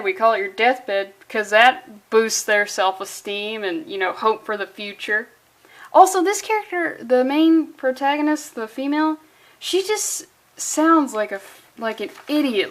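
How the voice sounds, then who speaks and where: A woman's voice: on the high side, bright, forceful tone. A woman reviewing a comic book in a sarcastic, exasperated way, swearing freely and using valley-girl phrasing.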